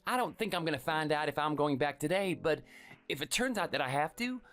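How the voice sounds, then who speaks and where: A man's voice: lively intonation, fairly quick, a bit bright. A man playing a timid, sickly husband in his thirties who is meek and apologetic. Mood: pleading. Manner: meek and apologetic, raised pitch. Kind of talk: dramatized story dialogue and first-person narration.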